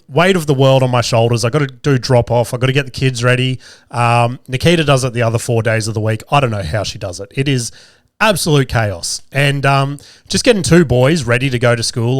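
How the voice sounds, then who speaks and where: A man's voice: mid-range voice, no room sound. Male podcast host in his 30s, rambling, crude humor, a little stuffy-nosed, dry close recording. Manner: profane, rambling, jokey. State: getting over a cold, a bit nasal. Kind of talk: casual comedic podcast chat.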